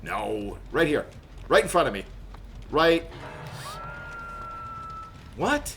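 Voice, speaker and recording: Excitable streamer man, lively and bright. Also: a little high, soft background music. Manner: excitable, chatty, quick to laugh and yelp. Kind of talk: live gameplay commentary.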